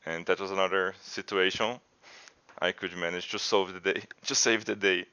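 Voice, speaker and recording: A man's voice: sits low, steady tone, normal speed, bright, forceful tone, smooth. A non-native English-speaking man telling casual stories in a chatty way, often saying "like". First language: not English. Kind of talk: casual storytelling. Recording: dull lo-fi audio.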